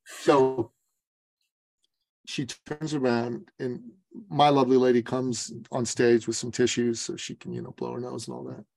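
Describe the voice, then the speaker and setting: A man in his forties, a business coach telling a story as a podcast guest, lively and acting out other people's lines. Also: mid-range voice, measured pace, vocal fry, no room sound. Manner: lively storyteller who acts out quoted voices.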